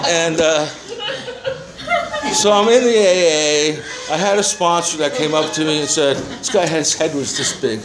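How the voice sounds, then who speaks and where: An older man in his seventies, voice sitting a little higher than most men's, shares his story with a roomful of people at a recovery meeting. He rambles and swears freely, poking fun at himself as he goes. A faint hum of room ambience sits under his voice. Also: normal speed. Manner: rambling, profane storytelling with self-mocking humor. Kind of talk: personal testimony to a group. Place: meeting room with a small audience.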